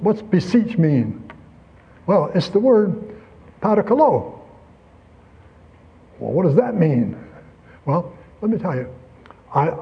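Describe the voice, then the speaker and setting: Husky-voiced man preaching a sermon. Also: on the high side, muffled recording. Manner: storytelling preacher with rhetorical questions and lively emphasis.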